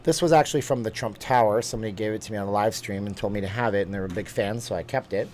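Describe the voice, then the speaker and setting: A man's voice: fairly low pitch, darkish tone, a little hiss or hum. A man hosting a casual live-stream chat, rambling from one topic to the next. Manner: rambling, chatty, quick asides and laughs.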